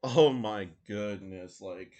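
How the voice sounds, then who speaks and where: A man's voice: lowish voice, takes it slowly, darkish tone. A man giving a sarcastic, mocking reaction commentary, swearing and mimicking the voices of others. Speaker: commentary YouTuber.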